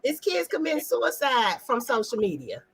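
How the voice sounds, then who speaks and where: A woman's voice: fairly high pitch, wildly swooping pitch, normal speed, husky, low-quality recording. A woman hosting an online live talk, speaking emphatically in a casual, preachy way and addressing viewers in the chat. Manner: emphatic, preachy, asks the audience questions; talks directly to viewers in the chat.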